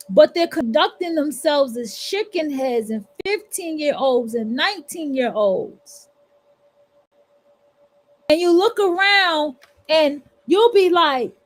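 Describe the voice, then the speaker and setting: Blunt, high-voiced New woman. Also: animated, takes it slowly. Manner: blunt and profane, preaching to listeners. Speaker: livestream host. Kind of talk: casual monologue.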